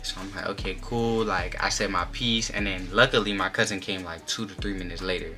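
Bright-voiced young man telling a story. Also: low-pitched, a little fast, faint music behind. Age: young adult. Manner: animated, slangy, many filler "like"s. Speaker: vlogger. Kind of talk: casual storytime.

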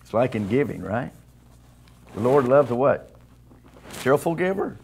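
A man's voice: mid-range voice, big pitch swings, a little slow, darkish tone, a little hiss or hum. A man preaching a sermon in a church, in a conversational way that keeps asking the congregation questions. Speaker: pastor. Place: church sanctuary.

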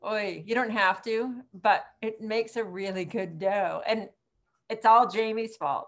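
Chatty woman teaching a cooking class. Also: medium pitch. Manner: chatty and rambling, many ums and laughs. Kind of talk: live online cooking class.

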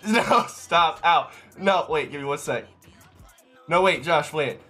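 A man streaming a video game, chatting casually, swearing, laughing and yelling in bursts. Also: on the high side, takes it slowly, soft background music. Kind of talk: casual gaming banter.

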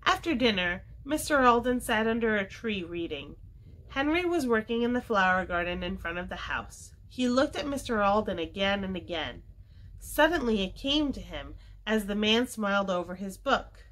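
A woman reading a children's chapter book aloud for a library storytime, with expressive, varied delivery. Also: mid-range voice, moderate pace.

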